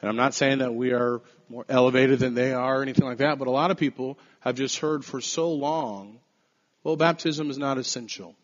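A man preaching an earnest, emphatic podcast sermon, slowing down to stress key phrases. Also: mid-range voice, dull audio.

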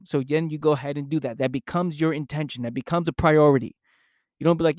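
A man hosting his own podcast, talking slowly and deliberately in a reflective monologue, often repeating phrases for emphasis. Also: fairly high pitch, a little mellow, no room sound, studio quality. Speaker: podcast host, personal coach.

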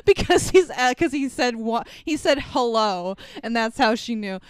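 Chatty woman podcaster, crisp dry voice. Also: on the high side, unhurried, dry recording. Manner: chatty, swears freely, laughs often. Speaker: podcast co-host. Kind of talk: casual movie recap chat.

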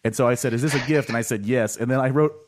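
A man's voice: rapid-fire, a little hiss or hum. A man hosting a podcast, chatting casually with friends and swearing as he rambles. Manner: rambling, swearing, lively pitch. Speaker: podcast host.

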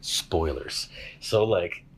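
A man's voice: low-pitched, animated, drawn-out words, a little hiss or hum. A man hosting a casual podcast chat, rambling, swearing freely and laughing as he tells stories. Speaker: podcast host.

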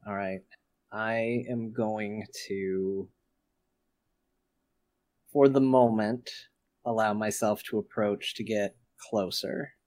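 A man's voice: lowish voice, fairly even intonation, slow pace, long pauses, darkish tone. A man playing a tabletop game, asking careful questions of the game master. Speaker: player.

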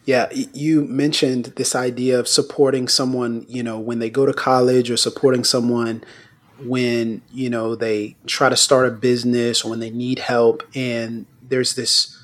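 A man hosting a casual conversation, telling a personal story in an animated way. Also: medium pitch, unhurried.

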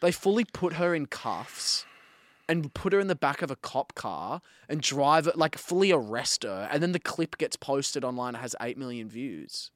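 A man's voice: mid-range voice, expressive, moderate pace, no echo. A man co-hosting a casual podcast chat, retelling stories with quoted voices and casual swearing. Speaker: podcast co-host.

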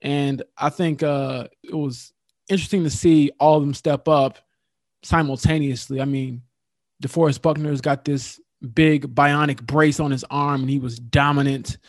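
A man recounting locker-room interviews as a sports reporter, in casual podcast talk with an animated storytelling manner. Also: on the high side, moderate pace, no echo, clean studio sound.

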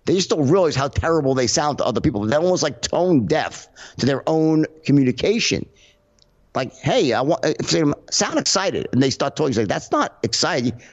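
A man's voice: on the high side, animated, fairly quick, dull audio. A man as a podcast guest, talking casually and acting out tones of voice in his examples, with many restarts. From United States. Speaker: podcast guest, sales trainer. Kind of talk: casual conversational interview.

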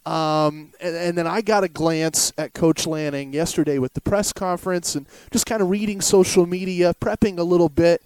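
A man with a fairly high voice hosts a casual sports podcast. He talks conversationally and hesitates now and then. The sound is dry, with no room echo. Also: steady tone, moderate pace, hardly any pauses, a little mellow, smooth. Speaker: podcast host.

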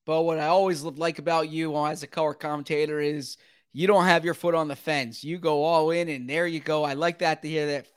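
A man delivering play-by-play football commentary with a smooth, resonant voice pitched on the high side. He keeps a brisk running call going and surges upward whenever a big play breaks. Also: no room sound, studio quality. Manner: brisk, rising sharply with excitement at big plays. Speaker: play-by-play announcer.

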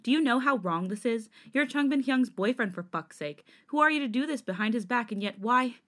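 A woman reads as an agitated young man in a fanfic read-aloud. He yells his accusations at a friend, his voice rising with upset. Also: fairly high pitch, expressive, fairly quick, pitched above the performer's own voice. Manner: yelled, accusing.

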